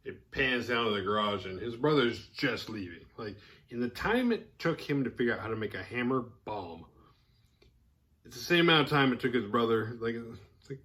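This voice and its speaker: A man's voice: medium pitch, a bit bright. A man hosting a horror film show, recapping a movie in a casual, rambling way, full of fillers and acted-out quotes. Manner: rambling and filler-heavy, acting out characters' lines. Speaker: horror film podcast host.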